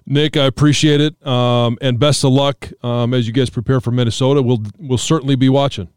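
Male podcast host, smooth and slightly high voice, dry close sound, conversational. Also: fairly even intonation, brisk, no echo. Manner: conversational, some fillers. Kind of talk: interview and sign-off.

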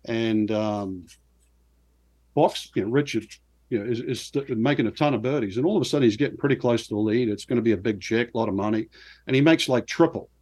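A middle-aged man from New Zealand, a former pro golfer, telling lively, self-deprecating stories as an interview guest. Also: medium pitch, a little fast. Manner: animated anecdotes with self-deprecating laughs. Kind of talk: casual storytelling interview.

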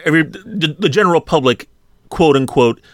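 A man's voice: on the high side, lively intonation, normal speed, a bit bright, no room sound. A man hosting a casual film review chat, rambling and hesitant with frequent fillers. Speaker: podcast host.

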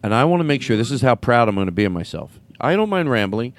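A man's voice: medium pitch, quick pace. A man hosting an improvised comedy show, joking and riffing with guests. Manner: animated, jokey, jumps into silly voices.

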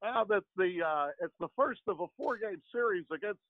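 Guy doing an old drawly baseball announcer, high and slurry, over a phone line. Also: animated. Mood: drawling. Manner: slow drawling exclamations. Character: older male baseball announcer, boozy and gruff.

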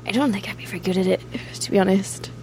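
A woman's voice: mid-range voice, fast, darkish tone. Young scottish woman gabbing in an interview, laughs a lot, does little voices, faint hiss behind. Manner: chatty, laughs often, acts out quoted voices. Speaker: band member guest. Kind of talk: casual interview chat.

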